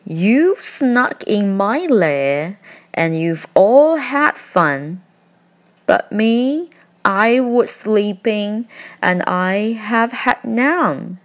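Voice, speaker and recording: A woman's voice: mid-range voice, expressive, drawn-out words. A woman voicing a big grumpy male bear in a storybook, complaining in a self-pitying way. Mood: sulky.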